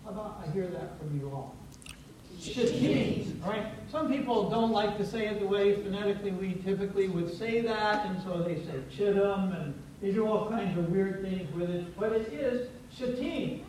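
A high-pitched male pastor delivers a playful, teacherly sermon, coaxing the congregation to say words back to him. He sounds far off from the mic. The church rings with a heavy echo, over a faint background hiss. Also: fairly quick, hardly any pauses, darkish tone. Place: church sanctuary. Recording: very echoey church, distant from mic.

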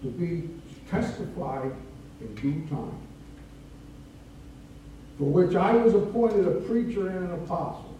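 A man preaching a sermon in a church, slow and deliberate, rising in force for emphasis. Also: high-pitched, mellow, a little hiss or hum. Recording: echoey room from a distance.

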